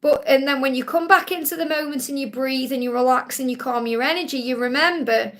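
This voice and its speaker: A woman's voice: high voice, fairly quick, few pauses. A woman hosting a live Q&A as a psychic reader, soothing and reassuring, repeating key phrases and often checking in with "okay?". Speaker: psychic reader answering viewer questions. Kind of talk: live-stream Q&A card reading.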